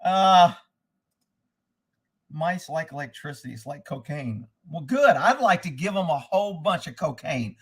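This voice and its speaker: A man's voice: a little high, animated, a little slow, breathy edge. A man hosting a casual livestream, reading comments and telling rambling, profane stories with frequent laughter. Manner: profane, rambling storyteller who laughs often. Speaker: livestream host. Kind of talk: casual live-stream chat, reading comments.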